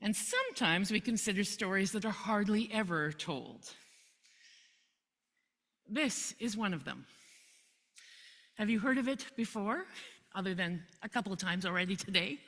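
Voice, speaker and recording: A woman's voice: mid-range voice, animated, moderate pace, long pauses, fairly bright tone. A woman pastor preaching a sermon, retelling a Bible story in a chatty, conversational way and chuckling often. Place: church. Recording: long hall reverb.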